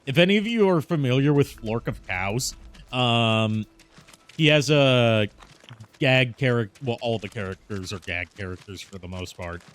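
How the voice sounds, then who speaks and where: A man hosting a game stream, chatting casually and in an animated way, breaking into goofy voices. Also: mid-range voice, unhurried. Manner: animated, jumping into silly impressions. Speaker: streamer host. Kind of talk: casual gameplay chat. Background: faint game music.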